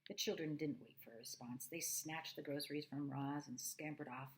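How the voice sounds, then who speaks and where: A woman reading a children's novel aloud, expressive, with asides to her listeners. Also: deep voice, moderate pace, poor audio. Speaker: reader.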